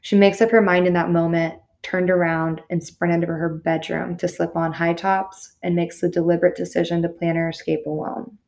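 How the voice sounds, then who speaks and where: This podcast host's voice is fairly low and darkish, level in tone, moving at normal speed with hardly any pauses. She tells a true crime story in an offhand way, using fillers and dropping the odd swear.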